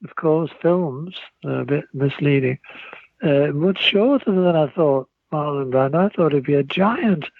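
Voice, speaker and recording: An older man with a Liverpool accent telling rambling, lively anecdotes as an interview guest, over a tinny phone line. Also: fairly high pitch, a little slow, gravelly, breathy edge, dry recording. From Liverpool, England. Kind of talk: anecdotal storytelling.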